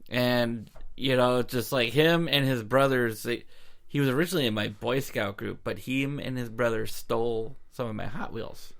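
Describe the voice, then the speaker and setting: A man's voice: mid-range voice, moderate pace, gravelly. A man in his thirties co-hosting a podcast, chiming in with crude jokes in casual talk. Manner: crude joking interjections. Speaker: podcast co-host.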